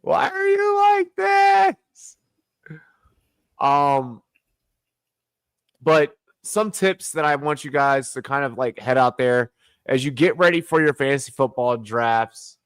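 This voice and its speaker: A man hosting a casual sports talk stream, joking and animated. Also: measured pace, clear, resonant tone, dry recording. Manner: animated, joking, swings pitch widely. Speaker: podcast host. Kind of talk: casual chat.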